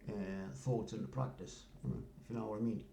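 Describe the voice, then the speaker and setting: Older man, mellow and roomy. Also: fairly low pitch, steady tone, a little fast, vocal fry, slight background noise. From North East England. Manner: rambling, often says "you know what I mean". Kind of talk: casual storytelling monologue. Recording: roomy echo.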